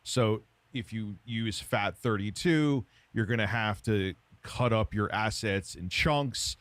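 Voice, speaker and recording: A man's voice: fairly low pitch, takes it slowly, a bit bright, no room sound. A man giving informal, sarcastic gaming news commentary.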